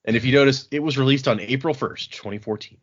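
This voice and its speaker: A man hosting a podcast, recapping chapters in a casual, animated way with frequent laughs and restarts. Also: medium pitch, fast talker. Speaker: podcast host recapping a book. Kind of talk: casual book-club chat. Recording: dull lo-fi podcast audio.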